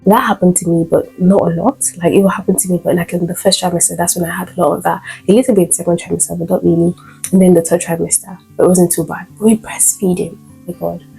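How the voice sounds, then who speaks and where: A young woman vlogging casually about new motherhood, chatty with many fillers and sudden animated bursts. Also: on the low side, fast, vocal fry, poor audio. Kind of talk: casual storytime vlog. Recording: faint guitar music behind.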